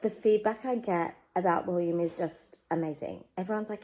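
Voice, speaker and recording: Chatty Australian mum vlogging from home. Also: female voice, lowish voice, normal speed, few pauses, rough recording. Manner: candid and chatty, turns quiet and emotional about parenting. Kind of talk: casual chatty life update. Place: at home, in her living room.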